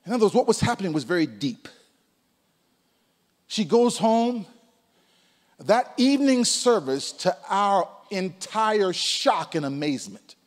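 Lively preaching man in a reverberant church. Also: high voice. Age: 60s. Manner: lively preaching, swinging from loud calls to hushed asides. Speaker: pastor. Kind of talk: sermon. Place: church sanctuary.

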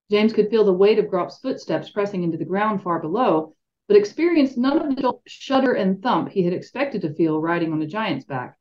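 A woman reading a fantasy novel aloud expressively as a podcast co-host, with light asides. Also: on the low side. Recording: dull lo-fi sound.

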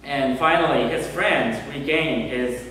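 A male reverend telling a story in a sermon, gentle and unhurried with many pauses. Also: mid-range voice, slight background noise. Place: temple hall. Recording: echoey hall from far off.

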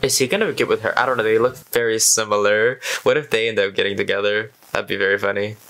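A man's voice: on the low side, steady tone, fast, a bit bright, rough recording. A man hosting a reaction video, chatting casually and exclaiming at what he watches.

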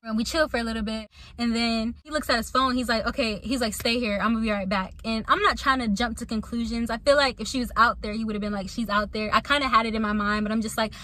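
Young woman, bright tense voice, slightly high, casual storytime, animated delivery. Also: fast talker, dry recording. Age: young adult. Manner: animated, acts out quotes, laughs often. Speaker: YouTuber telling a storytime.

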